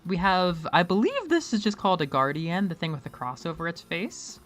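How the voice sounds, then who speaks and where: A woman's voice: lowish voice, sing-song, brisk, soft background music. A woman hosting a casual game stream, chatting animatedly and laughing often. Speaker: streamer host. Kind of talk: casual let's-play chat.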